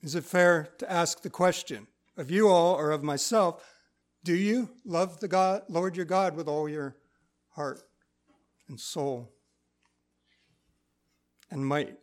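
A man with a notably high voice delivers a sermon to a congregation. He reads scripture passages in a measured way, then breaks them down in a relaxed, conversational teaching tone. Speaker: preacher. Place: church.

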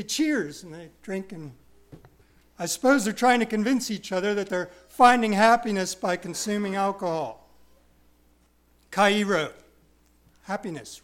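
A man preaching an expository sermon, stressing key words by repeating them and dropping into quiet, self-deprecating asides. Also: sits high. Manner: wide swings from loud stresses to quiet asides.

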